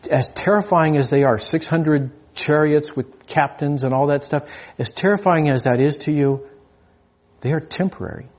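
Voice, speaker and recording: Husky man preaching a humorous sermon. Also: on the high side, normal speed, a little mellow. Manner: conversational, humorous, with frequent restarts.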